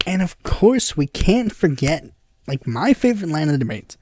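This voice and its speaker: A man's voice: a little high, normal speed, dry recording. Guy rambling thru a politics podcast, fillers everywhere, voice jumps all over, pretty dry mic. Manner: rambling, lots of fillers, animated impressions. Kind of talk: casual commentary.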